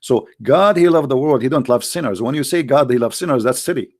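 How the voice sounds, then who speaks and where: A man's voice: mid-range voice, expressive, a little fast, a little mellow, slightly rough. A man delivering a solo commentary monologue with a sarcastic, emphatic manner, speaking English with non-native grammar. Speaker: online debater.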